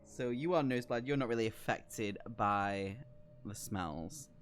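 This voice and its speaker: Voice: medium pitch, measured pace, soft background music. A game master narrating a tabletop horror game for friends, with giggly, playful narration.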